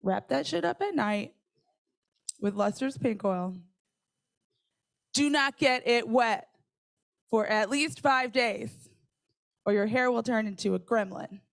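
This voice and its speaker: Lively woman telling a personal story. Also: on the high side, takes it slowly, vocal fry, long pauses. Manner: lively, conversational, checks in with listeners; laughs between lines.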